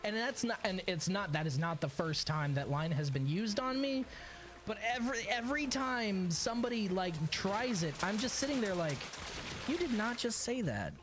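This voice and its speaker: A man streaming a game, telling a story in a sarcastic, animated way and often chuckling as he plays. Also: high-pitched, moderate pace, over music. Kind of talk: casual gameplay commentary and storytelling.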